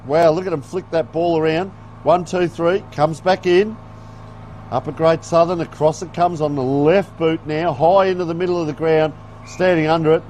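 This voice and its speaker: Male commentator, folksy live play-by-play, slightly high voice, faint outdoor noise behind. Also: a little mellow. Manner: chatty, folksy play-by-play with asides. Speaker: sports commentator. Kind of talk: live local football commentary. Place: outdoor football ground.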